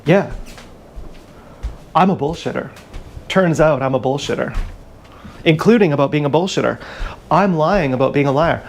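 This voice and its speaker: A man's voice: on the high side, moderate pace, long pauses, slight background noise. Crude, rambling man on a live stream. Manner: crude, rambling, frequent throat clearing. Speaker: livestreamer. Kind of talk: rambling livestream monologue. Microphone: action camera.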